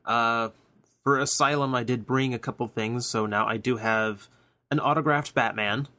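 A man on a podcast panel chatting casually, speaking in a hesitant, measured way. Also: medium pitch, fairly even intonation, pushed and bright. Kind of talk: casual chat.

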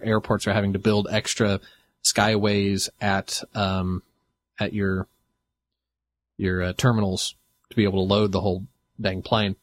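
A man co-hosting a podcast in casual chat, rambling and halting with lots of fillers. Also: on the low side. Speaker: podcast co-host.

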